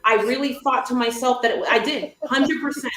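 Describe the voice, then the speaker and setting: Animated high-voiced woman coach. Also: normal speed, reverberant, poor audio. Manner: animated, laughing often, vivid storytelling. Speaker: business coach, show host. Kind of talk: livestream storytelling.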